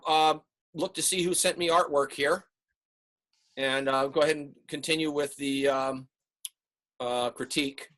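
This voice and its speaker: Rambling art teacher, a man. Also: a little high. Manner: relaxed, rambling with many fillers. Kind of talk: online class lecture and critique. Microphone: video call.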